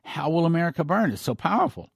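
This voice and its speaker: A man's voice: a little high, very animated, fast talker, vocal fry, husky, dry recording, clean studio sound, pitched above the performer's own voice, exaggerated voice. A man voicing a pleading, frightened immigrant. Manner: pleading, anguished questions.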